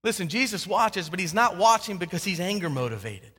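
A male pastor preaching a sermon, swinging between loud emphasis and hushed tones. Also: high-pitched, very animated, fairly quick, slightly rough. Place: church sanctuary with a congregation. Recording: long hall reverb.

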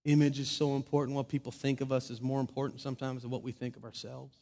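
A man preaching a sermon in a large church hall, impassioned, swinging from loud proclaiming to hushed intimacy. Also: medium pitch, little pitch movement, quick pace, few pauses. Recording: long reverb of a large hall.

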